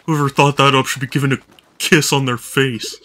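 A man's voice: mid-range voice, flat delivery, fairly quick, pushed and bright. A man doing casual live-stream commentary while playing a video game, tired and yawning, rambling with lots of fillers and restarts.

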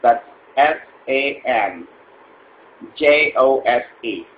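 A man's voice: mid-range voice, animated, extremely slow, narrow, tinny audio. A man voicing an impatient, rude male customer in a comedy sketch, exasperated and blunt, spelling letters out insistently.

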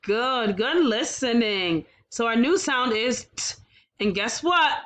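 Woman, phonics teacher for young kids, very slow deliberate delivery, sounds out each word, frequent praise. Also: fairly high pitch, animated, a bit bright. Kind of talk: early reading lesson for young children.

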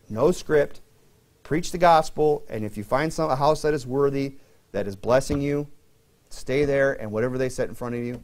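A pastor preaching a sermon in a conversational way, mixing scripture reading with humorous personal stories. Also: male voice, a little high, a little mellow.

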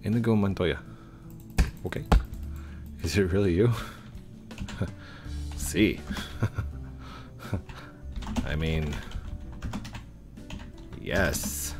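A man's voice: sits low, extremely slow, creaky, pauses often, over music. A man hosting a gaming video, rambling and joking with other players in casual commentary.

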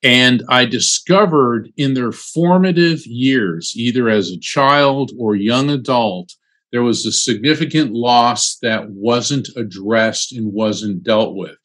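A man, a psychic medium and attorney, talking as an interview guest in a casual, animated storytelling way with frequent um fillers. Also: mid-range voice, takes it slowly.

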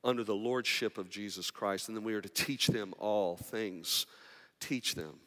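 A man pastor preaching a sermon, moving between quiet, intimate passages and raised, urgent appeals. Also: fairly low pitch, measured pace. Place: church sanctuary. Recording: long reverb of a large hall.

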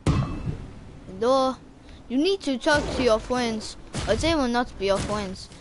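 A woman's voice: on the high side, lively intonation, slow pace, noisy background. A woman doing a silly, bossy persona in a put-on African accent over gameplay. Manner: commanding, rambling, silly. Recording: game music clearly behind.

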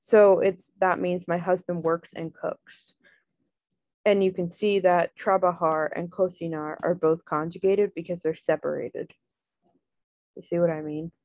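A woman tutoring Spanish in a casual online lesson, loose and relaxed, full of "um" and "like". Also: fairly low pitch, unhurried, no room sound, highs cut off. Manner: relaxed, filler-heavy, many "um" and "like".

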